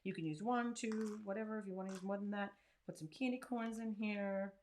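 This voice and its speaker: A woman with a medium-pitched, darkish, fairly even voice speaks fairly quickly over a slight hiss or hum. She hosts a casual crafting tutorial, chatting and cracking self-deprecating jokes while she works.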